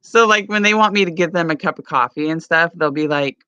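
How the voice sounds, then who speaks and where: A woman's voice: low-pitched, a little fast, bright, forceful tone, clean tone, no echo. A woman rambling casually at home for her morning vlog, with lots of "like" and "you know.". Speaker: vlogger. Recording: dull lo-fi sound.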